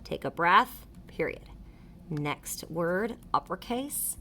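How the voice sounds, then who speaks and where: A woman's voice: on the low side, animated, moderate pace, sharp tone. A woman teaching a writing lesson to third graders, reading her example sentences aloud as she explains punctuation.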